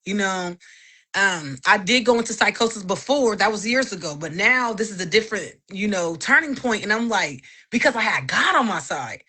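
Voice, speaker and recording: A woman in casual chat, animated and laughing often, giving an emphatic faith-filled testimony with lots of repetition. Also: mid-range voice, normal speed, slightly rough.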